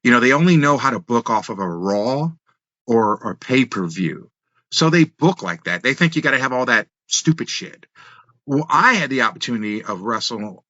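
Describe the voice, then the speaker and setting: Male podcast guest, bright forceful tone, dry slightly dull lo-fi sound, animated storyteller. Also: medium pitch, no room sound. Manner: animated, laughing, swears freely. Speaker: wrestling guest. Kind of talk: casual storytelling.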